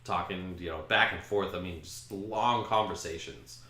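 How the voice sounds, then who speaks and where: There's a roomy echo as a deep-voiced podcast host, speaking at a moderate pace, casually tells a story about his own past. He pokes fun at himself and recounts it with animation.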